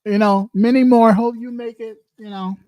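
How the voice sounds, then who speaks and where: A commentary show host talking in a crude, mocking, profane way, out of breath, with drawn-out eating noises. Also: mid-range voice, fairly even intonation, warm tone, dry recording. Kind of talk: casual commentary.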